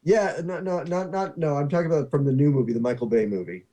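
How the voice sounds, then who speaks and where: A man hosting a casual talk show, rambling and halting with many restarts. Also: on the high side, warm tone. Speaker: podcast host. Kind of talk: casual chat.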